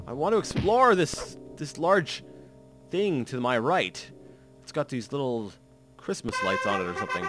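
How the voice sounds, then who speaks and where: A let's play commentator in his thirties rambles through self-mocking gameplay commentary, full of restarts and fillers, with faint music behind him. His voice is medium-pitched and fairly bright, with lively intonation and an unhurried pace.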